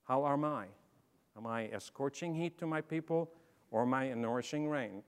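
A man's voice: medium pitch, normal speed, clear, resonant tone. Middle-aged man giving a storytelling talk. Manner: storytelling, swings from quiet to loud emphatic bursts. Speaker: speaker. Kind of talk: motivational leadership talk. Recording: long hall reverb.

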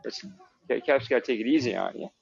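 A man's voice: medium pitch, animated, fast talker, creaky, soft background music. A man co-hosting a podcast, teasing his friend with profane, casual banter and calling him bro. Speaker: podcast co-host. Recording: dull lo-fi recording.

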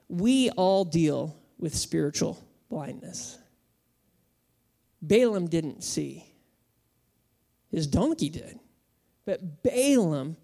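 A pastor delivering a sermon in a relaxed, conversational way. They mix humor with emphatic points and speak at a mid pitch.

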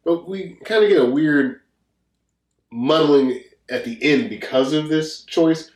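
A man's voice: fairly high pitch, slow. A man co-hosting a casual film review chat, rambling loosely with lots of fillers and frequent laughs. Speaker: podcast co-host. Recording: echoey room.

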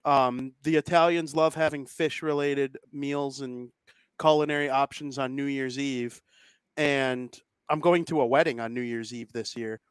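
A man's voice: mid-range voice, fairly even intonation, measured pace, clear, resonant tone, no echo. A young adult man co-hosting a casual podcast chat, enthusiastic and jokey. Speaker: podcast co-host.

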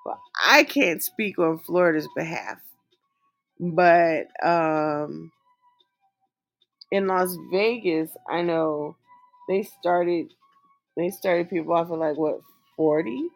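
A woman co-hosts a relaxed talk show in an unhurried, chatty way. Her voice is slightly low and has a gravelly edge. She laughs easily, and faint music plays behind her. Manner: laid-back, chatty, laughs often. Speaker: podcast co-host. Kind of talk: casual chat, reading listener letters aloud.

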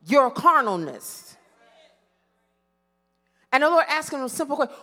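A woman preaching a sermon, pausing dramatically and asking the congregation to fill in her questions. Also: high voice, big pitch swings, pushed and bright, big-room sound. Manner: call-and-response questions with dramatic pauses. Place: church sanctuary.

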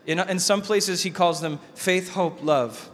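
A male pastor preaching a sermon in a conversational, animated way, often repeating words. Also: sits high, measured pace. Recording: long hall reverb.

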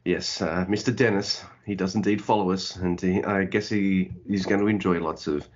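A man's voice: deep voice, fairly even intonation, moderate pace. A man hosting a podcast in casual chat, goofy and full of playful wordplay. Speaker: podcast host. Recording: dull lo-fi audio.

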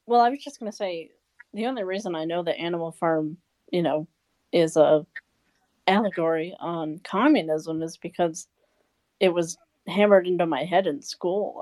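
A woman's voice: on the low side, darkish tone, no echo. A woman joining a casual podcast discussion, speaking in a chatty, self-deprecating way. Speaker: guest participant.

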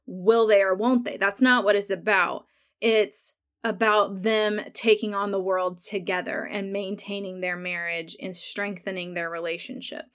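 A woman's voice: mid-range voice, a bit bright. A woman hosting a podcast on her own, chatting casually through an episode recap, laughing often and acting out the characters' lines. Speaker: podcast host.

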